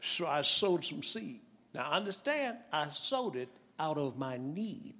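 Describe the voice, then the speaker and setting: A high-pitched male preacher with a swooping, lively delivery and a bright, tense edge, calling out to his congregation and rising into shouts. His voice rings with the long reverb of a big church hall. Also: unhurried. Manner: animated, calls out to the congregation, builds to shouting. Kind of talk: sermon with personal testimony.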